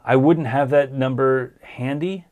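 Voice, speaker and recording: A man's voice: mid-range voice, steady tone, a little slow, narrow, tinny audio. A man hosting a casual livestream, answering viewer questions in an easygoing, hesitant way, tired and losing his voice. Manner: easygoing, hesitant with many ums.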